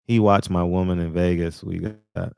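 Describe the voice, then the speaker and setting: A man's voice: sits low, fairly even intonation, normal speed, creaky, darkish tone, smooth, dry recording. A man hosting a casual live stream, rambling loosely between laughs and talking to his viewers on a phone. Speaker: live-stream show host.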